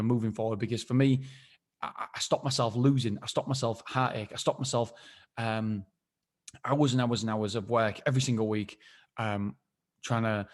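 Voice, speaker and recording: A man in a casual solo podcast, talking at an ordinary middle pitch. He rambles, restarts and repeats phrases, poking fun at himself as he goes. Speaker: podcast host.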